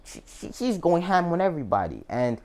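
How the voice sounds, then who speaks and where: A man's voice: on the high side, huge pitch swings, brisk, a little mellow. A man casually retelling a fan story, rambling, laughing often and correcting himself as he goes.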